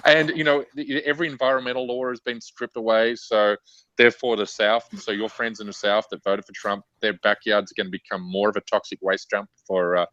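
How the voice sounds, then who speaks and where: A man's voice: lowish voice, little pitch movement, fairly quick, a bit bright, dry recording, muffled recording. A man appearing as a guest author and activist, arguing political points fluently with many fillers. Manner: fluent, argumentative, many "you know" fillers. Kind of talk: political discussion.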